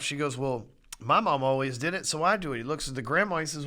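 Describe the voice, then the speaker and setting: A middle-aged man with a drawl delivers a profane, blunt sales rant as a podcast host. His voice is bright and tense, sitting a little high, and he presses hard on his points. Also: lively intonation, fast talker. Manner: blunt, swearing, heated, climbs louder when riled.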